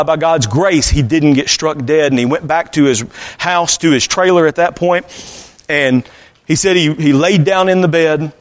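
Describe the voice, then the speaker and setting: A man preaching a sermon, telling a story in an earnest voice that sometimes sinks to a soft hush. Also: fairly high pitch. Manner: earnest, drops to a soft hushed voice at times.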